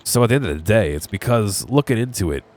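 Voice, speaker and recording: Congested deep-voiced gamer. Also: male voice, expressive, fast talker, a little mellow. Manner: casual, jokey asides. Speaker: let's play gamer. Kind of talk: reading game dialogue aloud with commentary. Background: faint game music.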